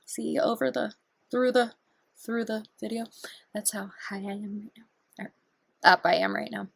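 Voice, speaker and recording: A woman vlogging casually, bubbly and giggly, who turns slow and hushed to guide a meditation. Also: medium pitch, fairly even intonation, creaky, slightly rough, no room sound.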